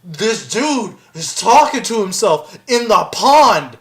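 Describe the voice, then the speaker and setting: A woman in a casual podcast chat, ranting and swearing as she acts out scenes. Her pitch swings widely while her delivery stays slow and drawn out. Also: very animated. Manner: profane, ranting, acts out characters. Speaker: podcast co-host.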